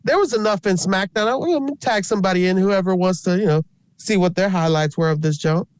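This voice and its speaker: A man co-hosting a podcast, animated and joking in casual chat. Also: sits high, fast, clear, resonant tone. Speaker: podcast co-host.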